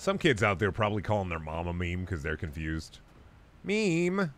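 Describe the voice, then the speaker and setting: A man's voice: sits low, brisk, a bit bright. A young man streaming a game, joking crudely with his chat and muttering asides as he plays. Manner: muttered asides while playing. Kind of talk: casual gaming stream commentary.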